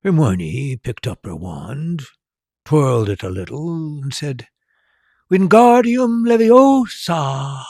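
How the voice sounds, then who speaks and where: A man narrating a story slowly and with animation, as a storyteller and tour guide. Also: medium pitch, very animated, gravelly, mellow, slightly rough, dry recording, clean studio sound.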